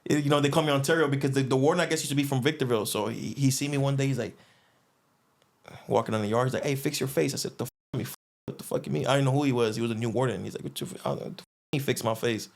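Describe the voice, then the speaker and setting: Guest storyteller, male, mid pitch, loose slangy delivery with lots of fillers. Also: racing. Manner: animated, acts out others' lines, slangy, frequent restarts and fillers. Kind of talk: casual storytelling.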